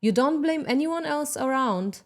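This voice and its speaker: A woman delivers a motivational self-help talk in a slightly high voice. She speaks slowly and deliberately, stressing her key points and slipping in sarcastic asides. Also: expressive. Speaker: self-help podcast host.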